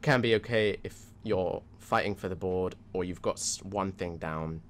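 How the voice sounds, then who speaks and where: A man with a fairly low voice talks through card picks in a relaxed gaming chat. He muses and reasons out loud, weighing each option in an easygoing, conversational way. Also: moderate pace, a little hiss or hum. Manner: musing, reasons things out aloud. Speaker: co-host.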